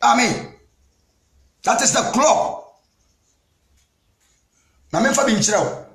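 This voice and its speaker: A Ghanaian man preaching a sermon as an evangelist, emphatic and repeating "Amen", sometimes shouting. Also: very high-pitched, animated, slow, roomy sound. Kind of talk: sermon mixing Twi and English.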